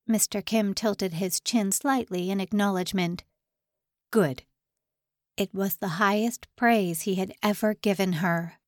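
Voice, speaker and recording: A woman narrating a suspense novel in a measured, even reading. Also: mid-range voice, no room sound, clean studio sound. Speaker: audiobook narrator. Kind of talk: scripted narration.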